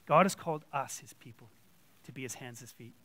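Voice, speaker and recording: A man's voice: medium pitch, brisk, sharp tone, no echo. A man preaching an informal sermon as a church elder, blunt and conversational, slipping into quoted voices. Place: church room with audience.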